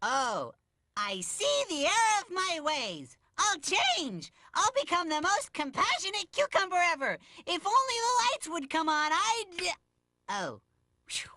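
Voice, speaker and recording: Larry the Cucumber, bouncy and high. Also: male voice, moderate pace, no echo, studio quality, exaggerated voice. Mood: goofy. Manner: excitable, silly, hammy. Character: goofy cheerful male cucumber sidekick. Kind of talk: animated cartoon acting.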